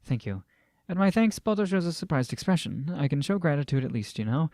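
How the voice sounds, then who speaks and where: Brief: male hobby reader, slightly high voice, dry close mic, loose and stumbling delivery with asides. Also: big pitch swings, a little fast, darkish tone, no room sound. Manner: reads aloud with frequent restarts, laughs and joking asides. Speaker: amateur novel reader. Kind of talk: casual reading of a translated novel with asides.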